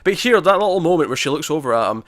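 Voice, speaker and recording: A man's voice: a little high, big pitch swings, very fast, a bit bright, no echo, clean studio sound. A Scottish man co-hosting a podcast, chatting casually about TV episodes in a rambling way, full of fillers and restarts. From Scotland. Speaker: podcast co-host. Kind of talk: casual chat reviewing TV episodes.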